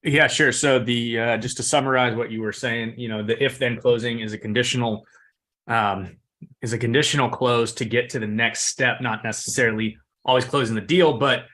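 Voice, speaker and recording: Bright male trainee summarizing a lesson. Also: mid-range voice, fairly even intonation, moderate pace. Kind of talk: live training session.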